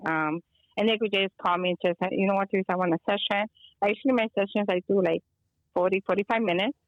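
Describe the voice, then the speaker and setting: Woman from Chicago, rambling storyteller, mixes in Spanish phrases, gravelly voice, dull lo-fi phone audio. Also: medium pitch, fairly even intonation, quick pace, dry recording. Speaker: guest, energy healer. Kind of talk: casual phone-in chat. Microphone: phone call.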